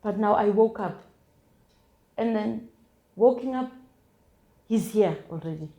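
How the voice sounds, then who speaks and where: A young South African woman telling a personal testimony as an interview guest, in a halting, hesitant way full of restarts and repeated words. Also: mid-range voice, animated, warm tone, muffled recording. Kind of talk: emotional first-person storytelling.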